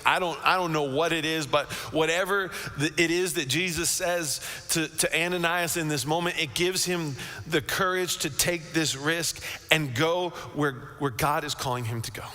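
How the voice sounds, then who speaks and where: A man preaching a sermon as pastor, telling the story in an animated way with frequent restarts and repeated words. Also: fairly high pitch, unhurried. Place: church sanctuary. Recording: long church hall reverb.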